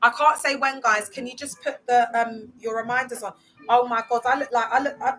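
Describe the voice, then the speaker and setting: A woman's voice: fairly high pitch, steady tone, brisk, bright, forceful tone, faint music behind, low-quality recording. A young woman who talks in a sassy, slangy way and often laughs, chatting casually on a livestream about cults. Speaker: vlogger discussing cults.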